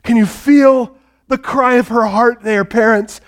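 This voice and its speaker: A man's voice: very high voice, steady tone, measured pace. A male pastor preaching a sermon and retelling a story with drama, speaking directly to the congregation.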